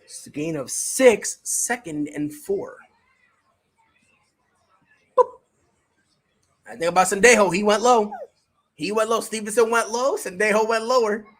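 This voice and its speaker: A streamer giving casual live play-by-play commentary, slangy and excitable, chatting with viewers between plays. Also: medium pitch, a little slow, long pauses. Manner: excitable, bursts into shouted reactions and laughter. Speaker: sports streamer.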